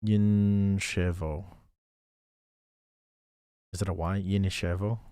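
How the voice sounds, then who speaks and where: Animated yet unhurried, a man with a low voice provides casual commentary while live-streaming a geography game, talking through his thinking and thanking viewers. The recording is dry and studio-clean.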